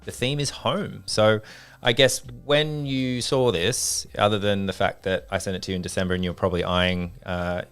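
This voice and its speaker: A man hosting a casual livestream, friendly and quick with lots of fillers. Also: on the low side, steady tone, a bit bright, clean tone, faint music behind. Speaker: livestream host.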